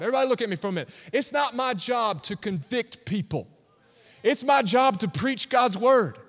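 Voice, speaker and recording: Preacher, male, very high voice, emphatic delivery, church hall reverb. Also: a bit bright. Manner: emphatic, call-and-response with congregation. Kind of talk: sermon. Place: church sanctuary. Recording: long reverb of a large hall.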